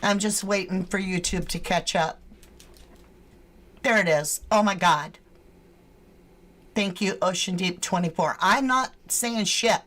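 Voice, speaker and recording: Slow-talking woman hosting a livestream. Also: mid-range voice, fairly bright tone. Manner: chatty, greets viewers and reads chat names aloud; swears casually. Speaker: true crime channel host. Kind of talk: casual livestream chat.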